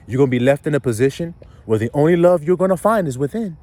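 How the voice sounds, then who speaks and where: A man delivers a blunt, profane sermon, firing question after question at his listeners. His pitch leaps high and drops low as he builds each point. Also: lively intonation, quick pace, darkish tone, no echo. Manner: blunt, profane street preaching with rhetorical questions. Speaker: preacher.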